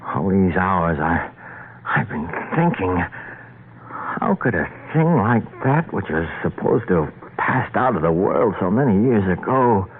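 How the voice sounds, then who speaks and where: A man's voice: sits low, very animated, measured pace, slightly rough, full character voice. An actor playing a frightened young man trapped in a tunnel, stammering and tense, in a 1930s radio horror drama. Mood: brooding. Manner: stammering, tense, breaks into panicked shouts. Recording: lo-fi, phone-like old radio transcription.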